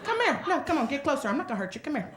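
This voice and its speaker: A woman comedian voicing her furious mother, who yells for her child and then coaxes with mock sweetness. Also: sits high, big pitch swings, very fast. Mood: angry, coaxing. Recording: roomy club sound with crowd laughter.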